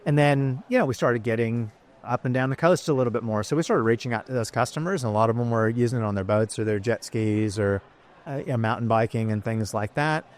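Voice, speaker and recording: A man's voice: medium pitch, fast. Chatty man telling a story. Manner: chatty, rambling, many fillers. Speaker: business founder, guest. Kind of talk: casual interview storytelling.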